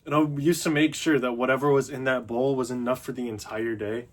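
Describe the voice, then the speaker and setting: A man's voice: mid-range voice, steady tone, a little fast. Rambling young man on gym talk. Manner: loose, filler-heavy, self-mocking. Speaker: fitness vlogger. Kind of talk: casual rambling monologue.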